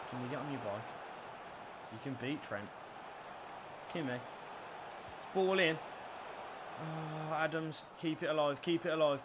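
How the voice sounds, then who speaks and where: A young man commentating his own football video game match, nervy and swearing, bursting into shouts at big moments. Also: high voice, a little hiss or hum. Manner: nervous, swearing, erupting into shouts at goals. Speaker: gaming YouTuber. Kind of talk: live gameplay commentary.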